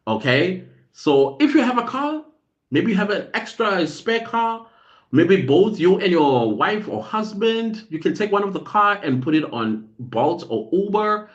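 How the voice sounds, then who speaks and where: A man's voice: high-pitched, sing-song, a little slow, lo-fi sound. A man hosting a podcast, giving casual advice in a rambling way, often searching for words with ums and uhs. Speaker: podcast host.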